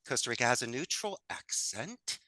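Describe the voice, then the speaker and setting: A man's voice: medium pitch, lively intonation, moderate pace, pushed and bright, dry recording. A man talking as a podcast guest, upbeat and folksy, full of homespun sayings. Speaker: podcast guest, call center owner. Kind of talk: conversational interview.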